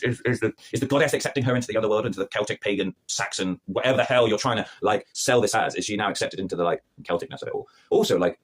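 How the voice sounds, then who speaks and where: Brief: male reviewer, rapid-fire and sarcastic, very lively pitch, casual vlog review. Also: slightly rough. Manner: sarcastic, animated, acts out scenes in mocking voices. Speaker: TV review vlogger.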